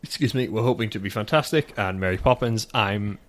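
A man's voice: lowish voice, brisk. A man co-hosting a casual chat show, opinionated and wry. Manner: opinionated, wry, slips into playful impressions. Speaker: podcast co-host.

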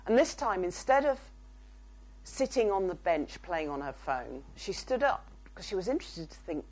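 A woman's voice: on the low side, lively intonation, moderate pace, darkish tone, rough recording. A woman, a psychotherapist and author, telling case stories as a guest. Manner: storytelling with quoted dialogue.

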